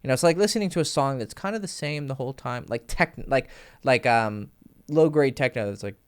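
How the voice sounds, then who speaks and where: A young man talks through dating advice in a loose, conversational monologue. His pitch jumps around a lot as he emphasizes points, and he swears casually and mimics beats with his voice. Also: a little fast, clean tone. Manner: animated, swears freely, vocal sound effects. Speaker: dating coach.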